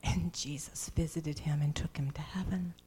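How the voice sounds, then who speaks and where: A woman preaching a sermon in a church, reading scripture dramatically and swinging between loud cries and hushed, whispered passages. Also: sits low, steady tone, moderate pace, background noise.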